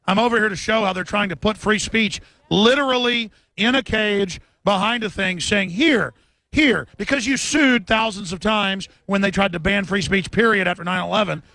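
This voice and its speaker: A man hosting a radio show live from an outdoor event, ranting fast and chanting slogans through a bullhorn. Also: sits high, no room sound. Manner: shouts protest chants slowly and repeatedly.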